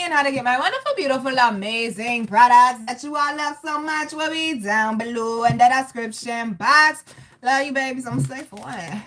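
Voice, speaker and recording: A woman giving a casual live tarot reading, chatty and animated, calling listeners baby and greeting viewers. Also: a little high, moderate pace. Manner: loose and animated, laughs and greets chat viewers. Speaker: tarot reader.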